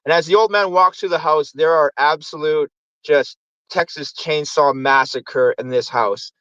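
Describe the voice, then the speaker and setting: A man's voice: on the high side, measured pace, fairly bright tone, dry recording, muffled recording. A man hosting a casual movie review show, rambling through plots and acting out lines from the films. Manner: rambling, acts out movie quotes. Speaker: host.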